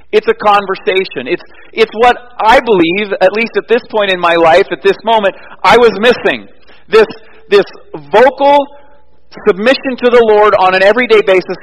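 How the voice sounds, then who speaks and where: A man's voice: high voice, a bit bright, long reverb tail, rough recording. A man preaching a sermon as pastor, telling stories in an earnest way and building to emphatic peaks. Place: church.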